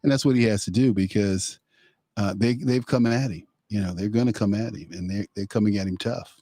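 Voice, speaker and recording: A man's voice: lowish voice, fairly quick, dark tone, no room sound, clean studio sound. A man hosting a political talk show, talking casually, laughing often and mocking as he goes.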